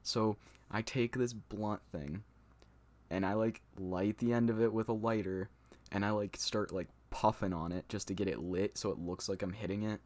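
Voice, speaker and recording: A man's voice: lowish voice, steady tone, moderate pace, darkish tone. Young man telling a casual, profane story. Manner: loose, swearing, laughing storyteller with many fillers. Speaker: storyteller vlogger.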